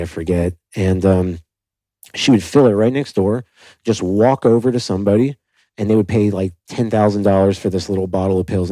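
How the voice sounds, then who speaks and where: A young man from South Florida with a voice on the low side tells his story on a podcast, candid and animated. Frequent "like" fillers and acted-out dialogue mark his delivery, and the dry recording has poor audio.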